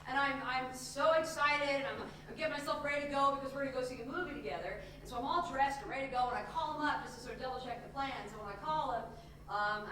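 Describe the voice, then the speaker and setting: A woman from Indianapolis performing a self-mocking comic monologue on stage, with many restarts and quick switches. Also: sits high. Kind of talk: live comic storytelling monologue. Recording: echoey stage sound from far off.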